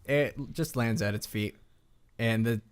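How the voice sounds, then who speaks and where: A man's voice: on the low side, a little slow, clean tone. Laid-back man narrating as game master.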